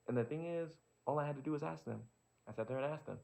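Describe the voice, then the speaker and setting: Gravelly man musing on his thoughts. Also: fairly high pitch, fast talker, darkish tone. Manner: candid, profane, rambling, quotes his own thoughts aloud. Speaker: vlogger. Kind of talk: casual reflective monologue. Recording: dull lo-fi sound.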